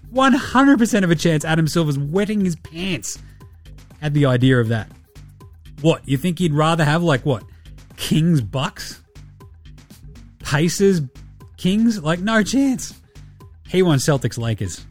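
Laid-back Australian podcast host. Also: male voice, on the high side, lively intonation, measured pace, long pauses, faint music behind. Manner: laid-back, slangy, swears freely. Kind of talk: casual sports podcast chat.

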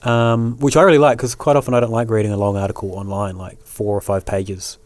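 A man's voice: fairly low pitch, a little fast, no room sound. A man co-hosting a podcast in casual chat, rambling along with plenty of fillers, recorded close and dry. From New Zealand. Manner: relaxed, rambling with many fillers. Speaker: podcast co-host.

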